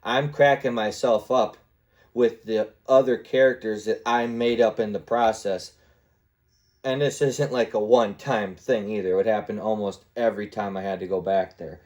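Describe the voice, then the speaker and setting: A man with a lowish voice hosts a solo podcast. He rambles easily from story to story and drops into playful little voices and sound effects along the way. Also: steady tone, moderate pace, darkish tone. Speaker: podcast host. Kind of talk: casual solo podcast monologue.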